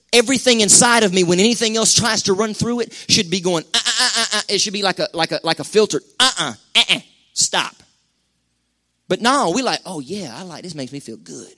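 A man's voice: high-pitched, lively intonation, moderate pace, pushed and bright. A male pastor preaching a sermon to his church in a folksy, conversational way with colloquial asides.

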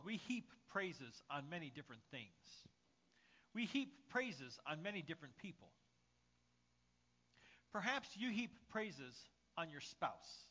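A man's voice: high voice, sharp tone, muffled recording. A male pastor preaching a sermon with a summer cold. He tells stories and talks with frequent fillers and restarts. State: has a summer cold, coughing. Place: church.

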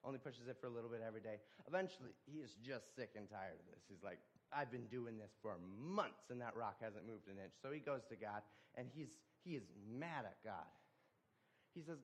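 A man's voice: medium pitch, expressive, fairly quick. Folksy man preaching a story. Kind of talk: sermon.

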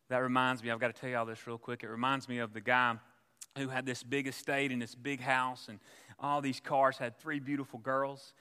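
A man's voice: medium pitch, moderate pace, bright, forceful tone, smooth, long reverb tail. A man preaching a sermon, telling a story and acting out its voices. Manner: storytelling preacher, acts out voices in his tales.

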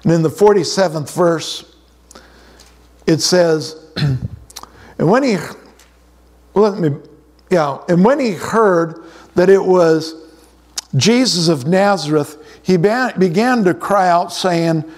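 A man's voice: high voice, expressive, takes it slowly, long pauses, darkish tone. A middle-aged man preaching a conversational sermon, often repeating words as he restarts his sentences. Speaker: pastor.

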